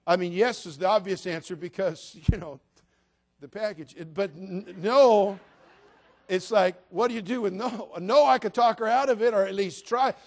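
A man's voice: high voice, normal speed. A man in his sixties from the United States, preaching a sermon in a folksy, humorous storytelling way. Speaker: pastor.

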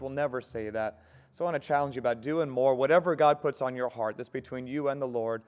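A man with a Californian accent gives church announcements as pastor. He speaks in an easygoing, halting way, with frequent fillers and restarts, before bringing up the guest preacher. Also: medium pitch, darkish tone. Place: church sanctuary.

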